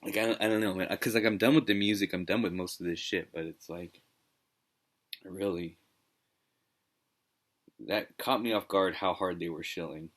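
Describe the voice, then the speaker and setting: A man's voice: low-pitched, fairly even intonation, moderate pace, pauses often, a bit bright, rough recording. A man streaming a game live, ranting casually with lots of swearing and exasperation. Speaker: gaming streamer.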